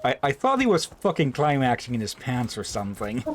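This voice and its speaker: A man's voice: mid-range voice, wildly swooping pitch, fairly quick, a little hiss or hum. A man streaming a game with friends, cracking crude jokes in casual chat. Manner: crude joking, reading game text aloud.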